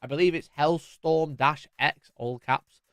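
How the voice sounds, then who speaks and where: A man's voice: on the high side, measured pace, a bit bright, smooth, dry recording. A man hosting a live stream, chatting casually and jokingly greeting viewers by name as he reads their messages. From United Kingdom.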